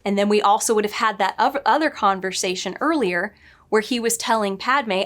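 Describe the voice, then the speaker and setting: A woman's voice: mid-range voice, normal speed, a bit bright. Middle-aged woman, story editor, casual to-camera commentary, self-correcting, light laughs.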